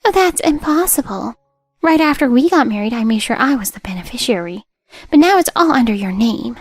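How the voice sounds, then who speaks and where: A woman voicing a desperate, debt-ridden young widow who turns accusing and sharp. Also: fairly high pitch, expressive, fairly quick, no echo, soft background music, pitched above the performer's own voice. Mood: angry.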